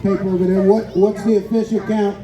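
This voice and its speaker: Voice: medium pitch, flat delivery, a little fast. A festival announcer giving joking, chatty play-by-play of an outdoor contest. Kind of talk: live event commentary. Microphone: public address loudspeaker. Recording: echoing PA amid a crowd.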